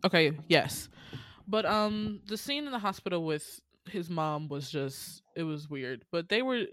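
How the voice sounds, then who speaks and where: Animated woman recapping a drama. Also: fairly low pitch, unhurried, dry recording. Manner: animated, acts out character lines. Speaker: podcast co-host. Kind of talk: casual drama recap chat.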